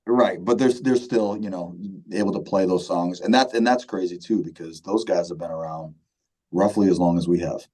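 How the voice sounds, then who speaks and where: A man's voice: low voice, moderate pace, dark tone, rough recording. A man in his thirties from Michigan, a band vocalist chatting casually in an interview, laid-back, with lots of fillers and repeated words, often calling the host "man". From Michigan, USA.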